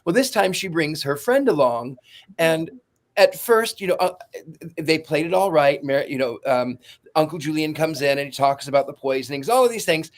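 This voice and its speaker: A man's voice: fairly high pitch, animated, normal speed. A man co-hosting a podcast who explains with enthusiasm and wanders into long asides. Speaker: podcast co-host. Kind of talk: casual chat.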